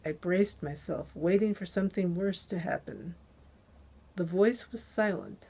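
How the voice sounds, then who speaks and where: A woman author reading her first-person crime novel aloud in measured, deliberate narration into a close dynamic microphone. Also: fairly low pitch, gravelly, mellow, slightly rough. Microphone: close handheld dynamic USB mic.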